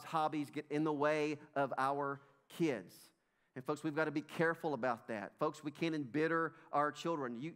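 A man's voice: fairly high pitch, a bit bright. A middle-aged man with a Southern US accent preaching a sermon in church, emphatic and repetitive, calling his congregation "folks.". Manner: emphatic, repeats himself, addresses congregation as folks. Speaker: pastor. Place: church sanctuary.

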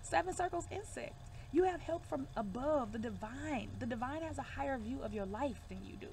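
A woman's voice: high voice, expressive, brisk, darkish tone, slight background noise. A woman giving a casual card reading to camera, emphatic and reassuring, calling her viewers y'all and baby. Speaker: divination reader.

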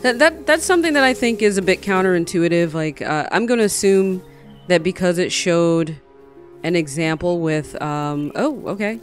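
Woman, let's play host, bubbly, lowish voice, soft music underneath. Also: lively intonation, moderate pace. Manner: bubbly, squeals at creatures. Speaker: gaming channel host. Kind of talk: casual let's play commentary.

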